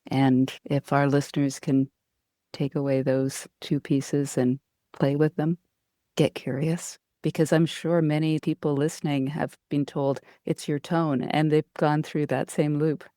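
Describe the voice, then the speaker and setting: A woman's voice: sits low, flat delivery, unhurried, dark tone, no echo, studio quality. A woman co-hosting a podcast, reflective and affirming, quoting others to draw out lessons for listeners. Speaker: podcast co-host.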